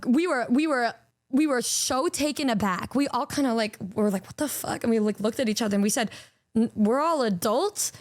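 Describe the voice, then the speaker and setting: This young woman is a VTuber streaming to her chat, and her voice sits high. She tells stories in a casual, animated way, swearing often and stammering through restarts. The recording is dry and studio quality.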